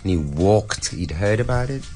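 A South African man, a volunteer chef, talking in an animated interview and slipping into lively impressions of other people. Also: on the low side, normal speed.

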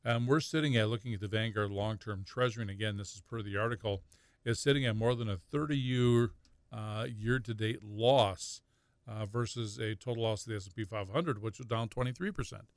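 A low, gravelly man talks money on a call-in radio show. He rambles and stumbles through fillers and restarts. The sound is close and dry. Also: brisk, no echo. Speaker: financial advisor guest.

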